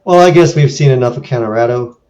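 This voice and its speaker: A man's voice: medium pitch, fast talker, a little mellow. A man from San Francisco narrating a casual screen tour in a wry, musing way. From San Francisco, USA. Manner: wry, musing, lightly sarcastic. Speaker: video creator. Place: home in France.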